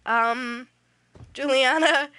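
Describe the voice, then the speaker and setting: A woman's voice: high voice, drawn-out words, sharp tone, smooth, no room sound. A woman casually chatting while playing a game online, playfully trash-talking creatures in slangy speech. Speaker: gaming channel host. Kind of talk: casual let's-play chatter.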